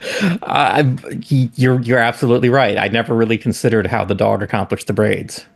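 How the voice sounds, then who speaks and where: Brief: mid-pitched man, bemused straight man feeding comic questions. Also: fairly even intonation, fairly quick, vocal fry. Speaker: comedy podcast co-host. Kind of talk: improvised comedic bit.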